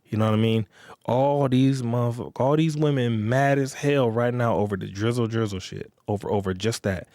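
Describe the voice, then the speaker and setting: In a medium-pitched, slightly mellow voice, a man hosts a podcast with a casual, rambling, profane monologue. He often checks in with his listeners, repeating "you get what I'm saying." The audio is studio quality with no room sound.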